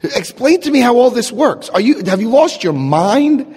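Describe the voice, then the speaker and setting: A man putting on a worried scolding older mother, high and pleading. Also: very animated, normal speed, a little mellow, slightly rough. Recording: long hall reverb.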